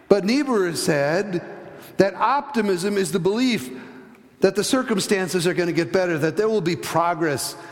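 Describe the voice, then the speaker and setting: A man preaching a sermon, telling stories and acting out the voices in them, sometimes dropping soft and low for emphasis. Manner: storytelling, acts out voices in anecdotes; hesitant restarts, drops to soft low tones for emphasis. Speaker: pastor. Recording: long hall reverb.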